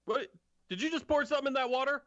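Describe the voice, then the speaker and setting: A man voicing a jumpy male railway guard in a tabletop game, talking high, fast and flustered, on a dull lo-fi stream recording. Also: pushed and bright, dry recording. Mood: suspicious.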